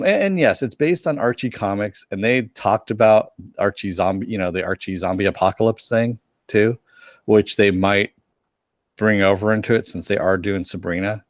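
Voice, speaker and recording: Male co-host, lowish voice, dry close recording, rambling joker who restarts sentences. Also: dry recording. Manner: rambling storyteller with frequent restarts, joking and self-mocking. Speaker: podcast co-host reporting on a convention. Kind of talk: casual live-stream chat.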